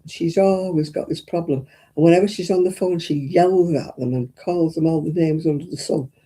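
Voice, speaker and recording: Older woman, very mellow tone, husky, chatty storyteller, livestream host. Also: lowish voice, normal speed. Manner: chatty, rambling anecdote-telling. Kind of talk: casual chat.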